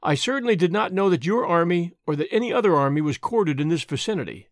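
A man's voice: high voice, animated, quick pace, no echo, studio quality. A man voicing a polite, earnest young man speaking formally to officers. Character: polite, quick-witted young male cyclist.

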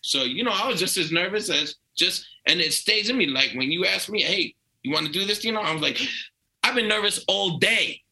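A man's voice: sits high, fairly quick, vocal fry, few pauses, rough recording. A man from New York with a New York accent, a comedian guest telling a story in casual chat and acting out the people he quotes. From Brooklyn/Long Island, New York. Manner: animated, acts out quoted voices.

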